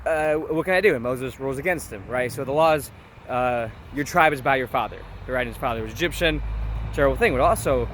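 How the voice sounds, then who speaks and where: A man's voice: mid-range voice, brisk, fairly bright tone. A young man in his twenties, talking casually about scripture in a chatty, informal way that keeps checking in with the listener. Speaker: vlogger. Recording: street traffic noise behind.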